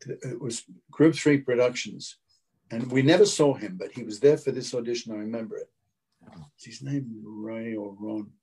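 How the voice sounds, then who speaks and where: Being interviewed as a guest, an older actor with an Australian accent spins anecdotes, imitating the characters as a lively raconteur. He speaks at a normal speed in a medium-pitched, slightly rough voice.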